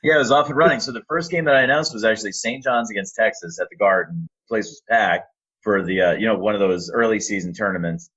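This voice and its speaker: A podcast guest who works as an announcer and voice actor speaks in a very low, deep voice at a quick pace, slightly rough around the edges. He tells stories with animated energy in a casual interview, acting out the quoted lines. The recording sounds a little dull and lo-fi.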